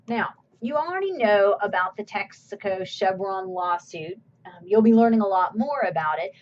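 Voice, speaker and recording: A woman's voice: mid-range voice, highs cut off. A woman course instructor giving a recorded slide lecture in a conversational way, asking her own questions and answering them.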